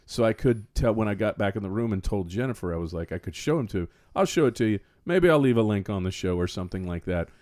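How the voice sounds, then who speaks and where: A man's voice: on the low side, fast, few pauses, no room sound, studio quality. A man from Florida telling a story on a podcast, acting out both sides of the conversation. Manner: animated storyteller, acts out dialogue. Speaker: podcast co-host. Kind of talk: casual storytelling chat.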